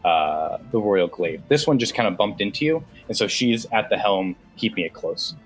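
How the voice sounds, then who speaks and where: A man's voice: fairly low pitch, expressive, moderate pace, soft background music. A man narrating a tabletop game as game master, casual, with many fillers.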